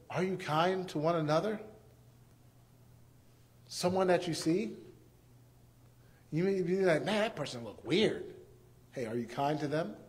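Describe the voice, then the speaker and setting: A man in his thirties with a high voice preaches a sermon. He swings from soft, quiet passages to loud, emphatic ones. He acts out the voices of the people he quotes. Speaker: pastor.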